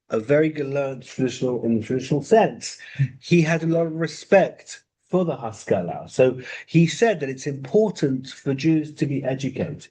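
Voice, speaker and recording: Husky-voiced rabbi telling a story. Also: male voice, medium pitch, a little mellow. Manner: unhurried, halting storyteller who often pauses to find words. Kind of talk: informal lesson with storytelling. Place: synagogue study breakfast.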